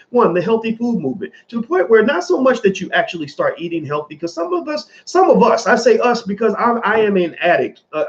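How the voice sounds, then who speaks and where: A man from the American South giving a casual, animated commentary monologue, swearing freely and repeating phrases for emphasis. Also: high voice, highs cut off.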